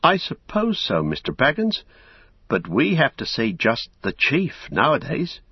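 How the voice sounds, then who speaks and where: A man voicing an old, flustered male hobbit gatekeeper in an audiobook, high and fussy. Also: huge pitch swings, measured pace, slightly rough, no echo, highs cut off, exaggerated voice.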